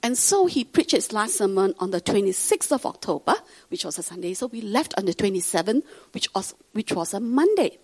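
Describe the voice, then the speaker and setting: A woman's voice: mid-range voice, very animated, fairly quick, few pauses, breathy edge. A woman from Singapore with a Singaporean English accent, a pastor's wife telling her testimony to a congregation and acting out the people she quotes.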